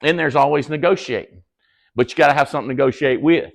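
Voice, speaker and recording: A man with a drawl talks to his team in a loose, folksy way, blunt and quick to curse or laugh. His voice sits a bit high and carries a gravelly, fry-heavy edge. It sounds like a casual motivational talk. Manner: animated storyteller, acts out quoted dialogue in high excited voices. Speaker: business leader speaking to his team. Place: cabin event room with a live audience.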